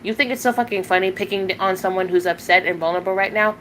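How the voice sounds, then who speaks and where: A woman's voice: mid-range voice, quick pace, hardly any pauses, fairly bright tone, slight background noise. A young woman on a live stream, venting while upset and angry, cursing hard and leaning on "like" as she talks. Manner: profane, confrontational, fillers of "like".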